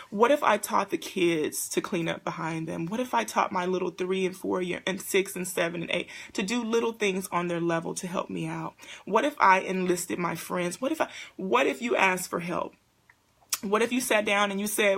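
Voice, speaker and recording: A woman in her thirties hosting a casual live-stream chat for single parents, talking straight to viewers in an animated, preachy way. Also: medium pitch, normal speed, gravelly.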